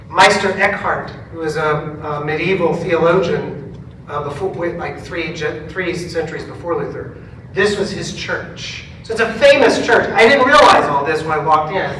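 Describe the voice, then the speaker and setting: A man, a pastor, telling stories in a casual talk to a church forum, acting out the dialogue with lively quoted voices. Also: fairly high pitch, slight background noise. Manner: chatty storytelling, animated quoted dialogue. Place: church meeting room. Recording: echoey room, mic at a distance.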